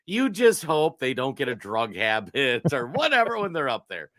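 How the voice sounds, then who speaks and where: A man's voice: mid-range voice, normal speed, dry recording. A man from Minnesota co-hosting a casual political talk show, telling stories animatedly and acting out what people said. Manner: animated storyteller who acts out quotes. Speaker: co-host.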